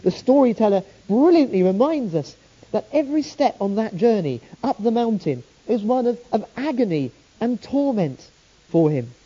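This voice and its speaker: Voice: mid-range voice, sing-song, normal speed, dark tone, slightly rough. A preacher giving a sermon, telling the story with earnest rhetorical questions, on a dull lo-fi recording.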